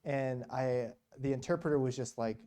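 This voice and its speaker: With a dark tone and a mid-range voice at normal speed, a man gives a storytelling sermon as a guest speaker in a church. He keeps it conversational, leaning on rhetorical questions and "you know."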